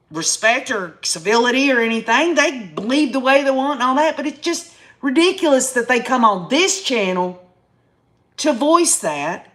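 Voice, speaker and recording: A woman's voice: high-pitched, fairly bright tone. Feisty Tennessee woman ranting to chat. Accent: Tennessee Southern. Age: 50s. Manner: feisty, ranting, talks straight to viewers with folksy country phrasing. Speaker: YouTube live-stream host. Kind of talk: casual live-stream talk to chat.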